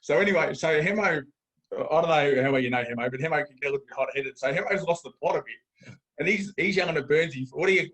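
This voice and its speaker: A man's voice: fairly high pitch, a bit bright. An Australian man, a football coach and guest, telling a funny coaching story in casual chat. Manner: laid-back, laughs at own story.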